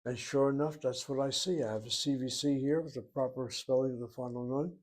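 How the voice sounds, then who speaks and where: A man's voice: medium pitch, steady tone, fairly quick, darkish tone. A man teaching a Hebrew grammar lesson, working through each word step by step and reasoning aloud as he goes. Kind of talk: grammar lecture.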